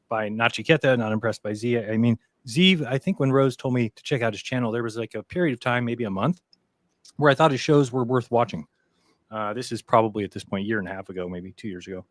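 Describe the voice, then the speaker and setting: A man talking quickly in a loose, rambling way, acting out other people's lines as he tells a story. He swears freely, and his voice sounds dry and close, with no room around it. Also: medium pitch, dry recording. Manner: rambling storyteller who acts out quoted dialogue, swears freely. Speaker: podcast guest. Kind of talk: casual conversation.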